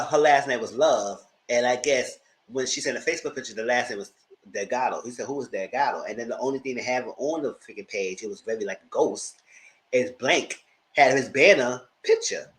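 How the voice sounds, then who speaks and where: Chatty guy recapping tv, voice jumps all over, bright tone, dramatic. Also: fairly quick, low-quality recording. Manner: animated storyteller, acts out quotes with high-pitched outbursts; laughs often, chatty and dramatic. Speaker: TV show reviewer. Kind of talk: casual recap commentary.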